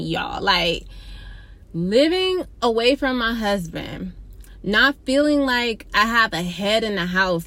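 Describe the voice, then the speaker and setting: Young woman, casual faith vlog, rambling, candid, addresses viewers directly, mid pitch. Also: fairly bright tone. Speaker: vlogger sharing a personal faith story.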